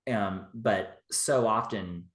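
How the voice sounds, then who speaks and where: Low-voiced man in a roomy space. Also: takes it slowly. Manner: rambling, filler-heavy, with frequent "you know". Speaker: guest, witchcraft teacher. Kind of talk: casual interview talk. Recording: roomy echo.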